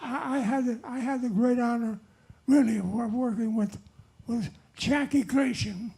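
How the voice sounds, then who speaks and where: An older man accepting an award on a nightclub stage, telling jokes in a halting, wandering way. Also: extremely high pitch, gravelly, dark tone. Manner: halting and wandering, with lots of restarts. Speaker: award honoree. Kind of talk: rambling speech with told jokes.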